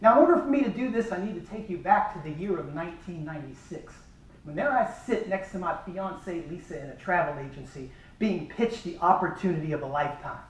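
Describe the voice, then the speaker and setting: Man, comic speech at an event, animated delivery; echoey hall, far mic. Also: high voice, brisk. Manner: lively, animated storytelling. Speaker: speaker at a charity event. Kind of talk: humorous storytelling speech.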